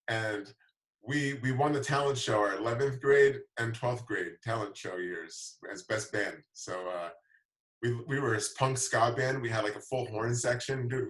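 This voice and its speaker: A man's voice: medium pitch, a bit bright, distant mic. Rambling, foul-mouthed man, roomy sound. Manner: rambling, profane, repeats words. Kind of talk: casual storytelling chat.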